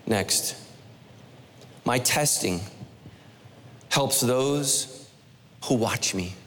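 A man preaching a sermon as pastor, animated, firing rhetorical questions at the congregation with playful asides. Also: medium pitch, very slow, slight background noise. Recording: long echoey hall reverb.

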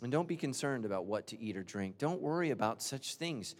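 A male pastor preaching a sermon, mid-pitched and conversational, with dry humor and sudden bursts of volume. He drops to quiet, confessional tones between the loud moments. The long reverb of a large church auditorium trails each phrase. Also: lively intonation, brisk. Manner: humorous asides and acted-out quotes.

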